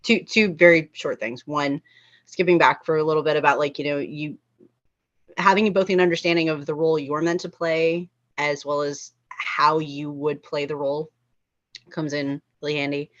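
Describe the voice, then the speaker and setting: Woman, low voice, chatty storyteller, laughs often, muffled video call audio. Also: fairly even intonation, moderate pace. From Los Angeles. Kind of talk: casual online group chat.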